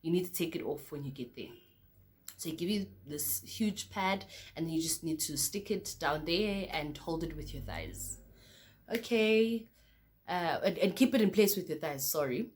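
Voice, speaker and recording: Chatty South African woman, lowish voice. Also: lively intonation, moderate pace, darkish tone. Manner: chatty, addresses viewers as guys, repeats "okay, cool" between beats. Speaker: vlogger. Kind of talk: casual storytelling to camera.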